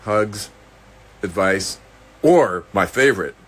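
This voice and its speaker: A man recording a casual personal video message. He talks in a halting, rambling way with many restarts and slips into dry, dark jokes. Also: on the low side, expressive, a little hiss or hum. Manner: dry, darkly joking.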